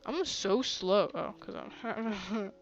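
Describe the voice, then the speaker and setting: A woman's voice: mid-range voice, slow pace, highs cut off, faint music behind. A woman streaming a game with a sore throat, chatty and often gasping and exclaiming. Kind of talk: casual gaming commentary.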